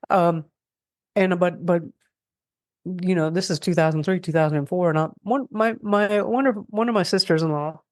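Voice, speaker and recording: A woman's voice: fairly low pitch, normal speed, no room sound. Middle-aged woman rambling on in an interview, dry close sound, lots of restarts. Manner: rambling, animated, many restarts. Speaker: guest expert on food self-reliance. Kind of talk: casual interview talk.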